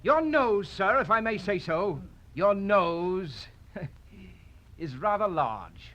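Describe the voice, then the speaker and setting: An arrogant nobleman, haughty and quick to take offense. His voice sits high and bright and swings widely in pitch. The delivery is theatrical, in vintage radio-drama fashion. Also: big pitch swings, muffled recording, full character voice. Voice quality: haughty, indignant. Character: blustering arrogant nobleman picking a duel.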